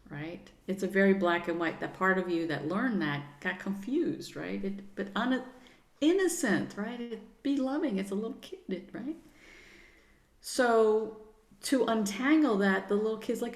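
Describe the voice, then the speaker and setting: A woman's voice: medium pitch, expressive, unhurried. Earnest middle-aged woman in a roomy echo. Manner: earnest, soothing, talks to the inner child with pet names. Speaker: podcast guest, sound healer. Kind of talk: casual interview chat.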